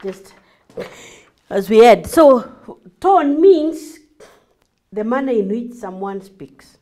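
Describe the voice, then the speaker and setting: A woman with a Kenyan accent teaching a class as a marriage coach, acting out lively examples and slipping in Swahili. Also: fairly high pitch, slow pace. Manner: animated, acts out examples, mixes in Swahili.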